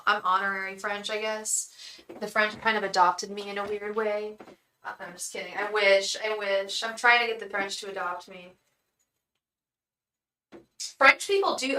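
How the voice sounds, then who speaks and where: Bright-voiced young woman reading tarot live. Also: mid-range voice, rough recording. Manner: chatty and effusive, thanks viewers by name, repeats phrases. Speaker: tarot reader hosting a live stream. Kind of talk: live-stream tarot reading, chatting with viewers.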